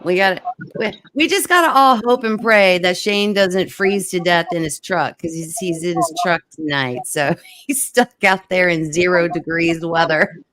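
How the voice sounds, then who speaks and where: A woman's voice: lowish voice, moderate pace, dry recording. A woman hosting a casual livestream chat, greeting viewers one by one with lots of fillers, her voice cutting in and out. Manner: warm greetings to viewers by name, many fillers. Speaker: livestream host.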